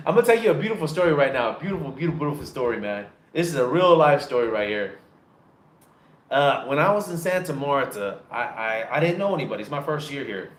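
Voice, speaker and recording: An American man telling travel stories to camera in a loud, profane, animated way, recorded on a phone in a dim room. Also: a little fast, roomy sound. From United States. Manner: loud, profane and animated, with big pitch jumps. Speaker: travel vlogger. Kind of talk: casual storytelling to camera.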